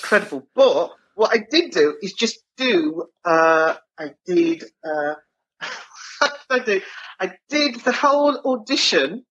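A woman from Birmingham with a Brummie accent, chatting as an actor guest in an interview, telling lively stories. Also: medium pitch, unhurried, breathy edge, dull audio. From Birmingham, England. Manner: lively, expressive storyteller who acts out voices. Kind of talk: casual interview chat.

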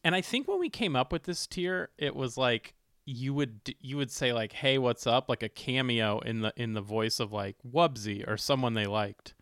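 A man's voice: mid-range voice, animated, normal speed, hardly any pauses, a bit bright, clean tone, no echo. Rambling male podcast host, dry sound. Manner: rambling, filler-heavy, laughing. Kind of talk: casual comedic chat.

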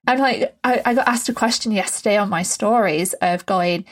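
A woman hosting a podcast, musing thoughtfully and at times slowly on her own life. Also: mid-range voice. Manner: thoughtful, musing, slow in places. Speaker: podcast host. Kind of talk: reflective conversation.

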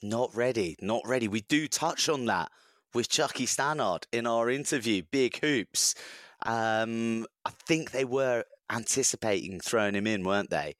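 Man, rugby podcast co-host, lively storyteller, dry close sound. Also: mid-range voice, unhurried, no echo. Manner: lively anecdotes, laughing often. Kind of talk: casual rugby chat and storytelling.

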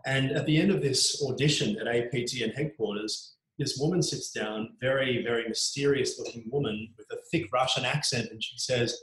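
A man's voice: medium pitch, normal speed, few pauses. An Australian man in his thirties, a journalist telling stories of his career in a casual interview, with plenty of ums. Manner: chatty, frequent ums, animated anecdotes. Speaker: journalist guest. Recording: roomy echo.

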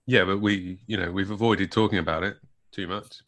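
A man with a West Country English accent, co-hosting a casual podcast chat with dry, deadpan humor. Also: deep voice, fairly quick. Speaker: podcast co-host.

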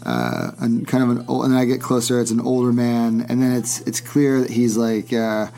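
A man's voice: mid-range voice, lively intonation, normal speed, vocal fry, warm tone. A man hosting a podcast, telling a long story in casual chat, rambling with many restarts and laughs. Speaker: podcast host.

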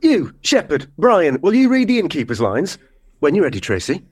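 A harried director of a village nativity, played by a man in an audio comedy. He snaps and sighs through the auditions, his husky voice swinging wildly up and down. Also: on the high side, wildly swooping pitch, moderate pace, darkish tone, heavily acted. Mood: exasperated. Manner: brusque and exasperated.

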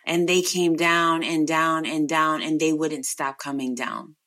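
A woman's voice: deep voice, flat delivery, a little slow, a bit bright. A woman telling an emotional personal story in a conversational way, repeating phrases for emphasis. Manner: earnest, emotional, faith-filled storytelling.

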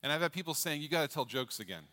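A man's voice: a little high, lively intonation, rapid-fire, sharp tone. A middle-aged man preaching a sermon as pastor, chatty and jokey, asking the congregation questions. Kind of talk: sermon with jokes. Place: church sanctuary with long reverb. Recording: long hall reverb from a church.

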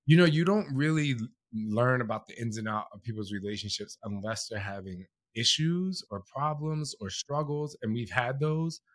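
A man's voice: mid-range voice, animated, normal speed, no room sound. A man in his thirties talking with his husband in casual, heartfelt chat, full of "like" fillers. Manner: heartfelt, many "like" fillers, voice cracking with emotion. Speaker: podcast co-host, married to the other speaker.

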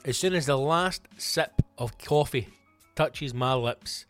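A Scottish man hosting a comedy podcast, ranting in an animated, sweary monologue. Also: medium pitch, takes it slowly, faint music behind. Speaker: comedian host.

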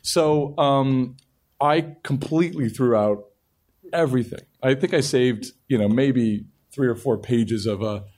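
A man's voice: mid-range voice, a little slow, a little mellow. Rambling male TV writer telling a story. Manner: rambling storytelling with frequent restarts. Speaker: television writer and show creator. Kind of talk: panel interview anecdote.

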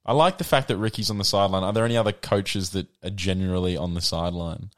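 Man, podcast co-host, low voice, easygoing, laughs a lot. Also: quick pace. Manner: laid-back, laughs often. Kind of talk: casual sports chat.

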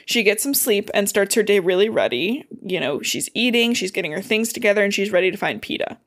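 A woman co-hosting a casual book podcast, summing up the chapter in loose, chatty sentences. She leans on fillers like "like" and "um" and swears freely. Her pitch sits in an ordinary middle range. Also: expressive, fairly quick, fairly bright tone. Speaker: podcast co-host recapping a book. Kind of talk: casual book recap chat.

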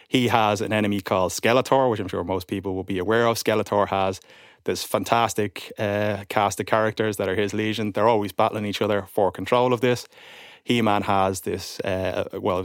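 A man with an Irish accent, a podcast guest telling lively anecdotes in casual chat and acting out other people's voices. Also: fairly low pitch, no echo, studio quality. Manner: animated storyteller, acts out voices.

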